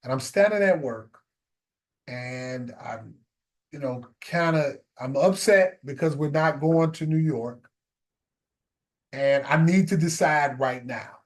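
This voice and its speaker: A man's voice: a little high, takes it slowly. A middle-aged man with a slightly raised voice telling a personal story, casual and reflective. He repeats his key phrases to drive the point home. The telling leads toward a plain life lesson.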